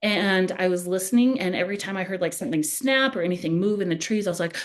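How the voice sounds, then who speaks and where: A woman with a slightly low voice tells a podcast story from her teen years. She talks casually, with lots of laughs and playful self-mockery. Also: fast talker. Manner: animated, self-mocking, laughs often. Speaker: podcast host telling a story.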